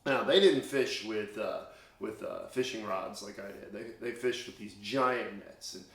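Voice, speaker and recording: A man's voice: lowish voice, measured pace, vocal fry, sharp tone. A man from Indiana telling a Bible story to children in a chatty, storytelling way with plenty of fillers and restarts. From Indiana, USA. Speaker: children's chapel speaker. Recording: echoey room.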